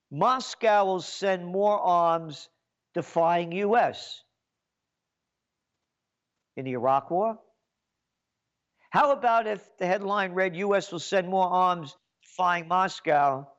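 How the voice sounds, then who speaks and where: A man's voice: sits high, animated, measured pace, muffled recording. A man giving an indignant, repetitive political rant as a commentator.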